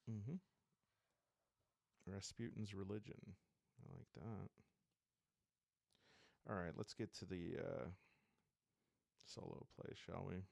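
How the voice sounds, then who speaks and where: A man's voice: low voice, fairly even intonation, measured pace, vocal fry, pauses often, a little mellow, no room sound. A man casually flipping through and reviewing a tabletop game book, rambling and thinking aloud with enthusiasm.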